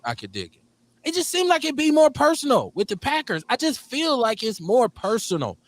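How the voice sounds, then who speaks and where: A middle-aged man from Milwaukee, hosting a casual radio talk show in an animated, profane way, laughing often. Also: very high-pitched, fairly quick, no room sound. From Milwaukee, Wisconsin. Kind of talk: casual chat.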